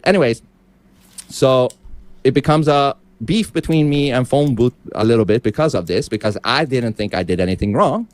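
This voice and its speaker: Male streamer, lively swinging pitch, foul-mouthed and defensive, dry close sound. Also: normal speed, no room sound. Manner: animated, profane, defensive. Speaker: streamer reacting to a podcast clip. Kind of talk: casual reaction commentary.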